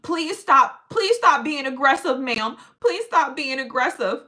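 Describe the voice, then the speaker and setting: A woman putting on the voice of a patronizing man who begs her to calm down, in a whiny, mock-pleading tone. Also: high voice, unhurried, voice pushed up, full character voice.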